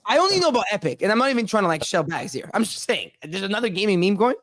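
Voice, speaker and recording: A man's voice: sits high, very animated, rapid-fire, fairly bright tone, no echo, studio quality. Joking, swearing male crypto show host. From Canada. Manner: loose, joking, swears freely. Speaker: podcast host. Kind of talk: casual crypto show chat.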